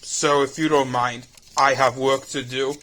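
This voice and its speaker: A man's voice: medium pitch, level tone, measured pace, sharp tone, a little hiss or hum. A man voicing Doctor Octopus, a smug mad scientist, in a put-on Irish accent for a fan audio drama. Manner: smug and theatrical. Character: elderly male octopus-themed mad scientist.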